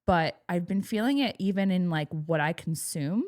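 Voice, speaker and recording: A woman's voice: on the low side, normal speed, a little mellow, no room sound, clean studio sound. A woman in her thirties co-hosting a podcast, chatting casually and giggling often as she rambles. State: pregnant. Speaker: podcast co-host. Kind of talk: casual chat.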